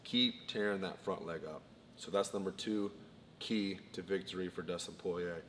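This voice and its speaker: A man with a somewhat low voice breaks down a fight point by point in relaxed talk. His voice carries a long room reverb. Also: moderate pace. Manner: methodical, lists points in order. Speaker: co-host, fight analyst. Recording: long reverb, faint background noise.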